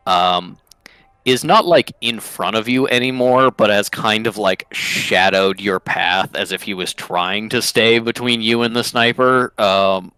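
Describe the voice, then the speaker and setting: Hesitant, low-voiced male game master. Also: bright, forceful tone, clear, resonant tone, dry recording. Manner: hesitant, many ums and uhs. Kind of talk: narrating a tabletop game.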